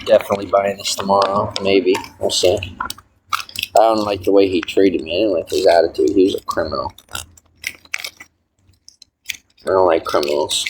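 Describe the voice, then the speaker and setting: Young male vlogger with a rambling delivery that drops low and then jumps up high, over a faint hiss. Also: fairly even intonation, moderate pace, pauses often. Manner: rambling, swings between mumbling and loud high outbursts. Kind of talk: rambling solo vlog monologue.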